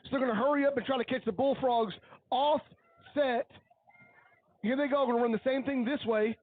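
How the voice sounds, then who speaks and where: A man giving coach-like color commentary on a high school football game, earnest and openly emotional as he breaks down each play. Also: moderate pace, no echo, narrow, tinny audio. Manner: analytical, coach-like breakdowns of plays.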